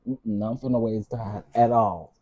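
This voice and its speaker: Husky-voiced man in heated commentary. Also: lowish voice, fairly even intonation, normal speed, dark tone, lo-fi sound. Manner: heated, preacher-like repetition; frank, personal. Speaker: channel host. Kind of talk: emotional storytime commentary.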